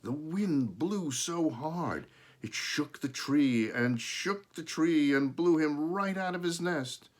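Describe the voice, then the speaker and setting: A man's voice: on the high side, animated, slow, voice pushed up. A man reading as an eager young boy.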